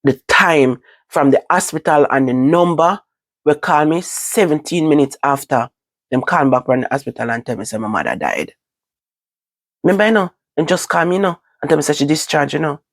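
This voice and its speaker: A woman's voice: low-pitched, lively intonation, no room sound. Jamaican woman telling a personal story. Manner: halting, repetitive recounting. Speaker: vlogger.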